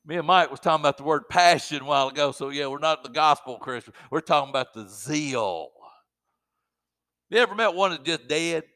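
A man's voice: on the high side, animated, brisk, sharp tone. A man preaching a sermon in a fervent, exhorting way with folksy asides.

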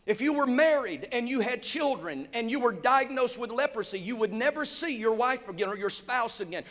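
A man preaching a sermon in a church sanctuary, with call-and-response and rising shouts. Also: very high voice, lively intonation, moderate pace. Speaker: pastor. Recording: long hall reverb.

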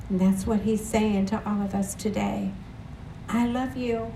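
Slow, earnest woman preaching in an echoey room. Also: medium pitch, steady tone, creaky, warm tone, a little hiss or hum. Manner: earnest, leads the congregation in repeated phrases. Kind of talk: sermon. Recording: roomy echo from a distant mic.

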